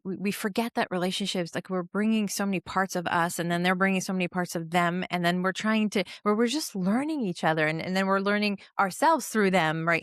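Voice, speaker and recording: A woman's voice: on the low side, no room sound, clean studio sound. A woman co-hosting a podcast who rambles with many restarts and fillers. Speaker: podcast co-host. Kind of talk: casual podcast chat.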